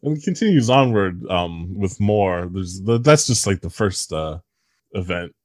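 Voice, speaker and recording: A man reading a story aloud in a deadpan, mock-serious comic style. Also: low-pitched, unhurried, dry recording.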